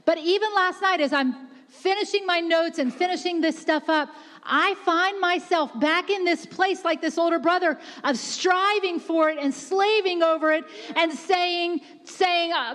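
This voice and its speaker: A woman's voice: very high-pitched, fairly bright tone. A woman preaching a sermon with passion, shifting her voice to act out the quotes she tells. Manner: impassioned, quick-shifting, voices God and the Pharisees in quotes. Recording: echoey hall reverb.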